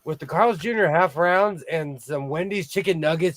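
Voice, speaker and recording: A man's voice: a little high, moderate pace, hardly any pauses, no room sound. Chatty man from California, dry close sound. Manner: rambling, chatty storyteller. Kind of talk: casual chat.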